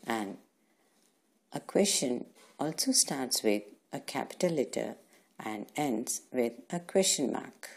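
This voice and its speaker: A woman's voice: rumbling low, animated, takes it slowly, a little mellow, slightly rough. A woman teacher, giving a patient grammar lesson to young children and answering her own questions. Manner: patient, asks questions and answers them herself.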